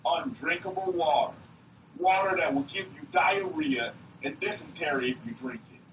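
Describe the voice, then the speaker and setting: A man preaching a sermon to a room, emphatic and repetitive, swinging up and down in pitch. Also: a bit bright. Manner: emphatic, repeats himself, rises and drops in pitch. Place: meeting room. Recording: roomy, distant, dull lo-fi recording with faint hiss.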